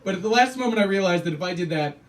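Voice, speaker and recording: A man doing a stand-up comedy set on a small cafe stage, dry and deadpan with sudden loud punchlines. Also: high voice, rapid-fire, far from the mic.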